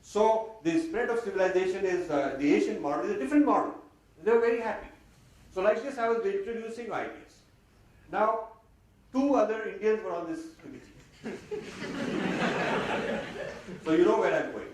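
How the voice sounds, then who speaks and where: A man giving an animated public talk, mixing in Hindi phrases, recorded from a distance in a lecture hall. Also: high-pitched, a little fast. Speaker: speaker. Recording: distant mic, very echoey hall, faint noise.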